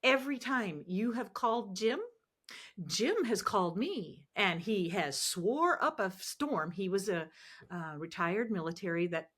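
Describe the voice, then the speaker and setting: A woman telling animated, emotional stories as a podcast guest, acting out the voices she quotes. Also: medium pitch, measured pace. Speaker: podcast guest, ministry founder. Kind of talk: conversational storytelling interview.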